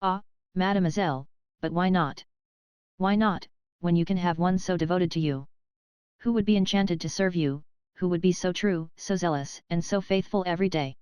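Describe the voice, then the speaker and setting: A woman's voice: fairly low pitch, normal speed, darkish tone, smooth, no room sound, highs cut off, close to an everyday voice. A woman reading the part of a passionate young French lady's maid who pleads fervently. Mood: pleading.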